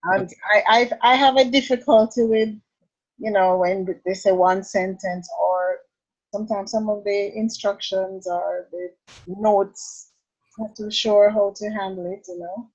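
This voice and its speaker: Husky woman student, muffled call audio. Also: mid-range voice, fairly even intonation, unhurried, a little mellow. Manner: hesitant, stumbling over words.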